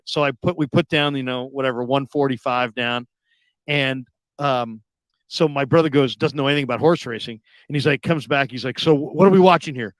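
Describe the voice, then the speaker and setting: A talk radio host with a slightly high voice spins a long story in casual chat, recorded close to the mic in a dry, dead studio with no echo. He animatedly acts out every character, breaking into sudden loud, high outbursts whenever someone in the story loses it.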